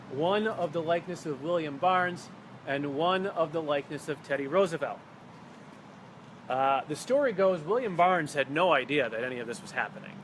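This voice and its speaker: Chatty man telling history outdoors. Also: on the high side. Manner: animated, chatty, acts out quotes. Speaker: local history guide. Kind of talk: casual storytelling on a walking tour. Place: outdoors on a city street. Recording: outdoor street noise with passing cars. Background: traffic and city ambience.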